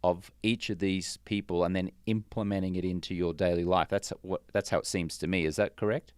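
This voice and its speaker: A male podcast host with a very deep voice and a smooth, resonant tone. He asks measured, thoughtful questions and adds personal asides. The sound is dry and close. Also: fairly even intonation, darkish tone, dry recording. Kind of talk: interviewing a guest.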